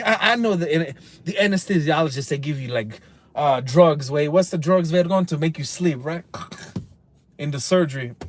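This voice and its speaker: A man ranting on a livestream, rambling and cursing, dropping Spanish slang, swinging from loud outbursts to low mutters. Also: no room sound. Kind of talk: casual rambling livestream rant.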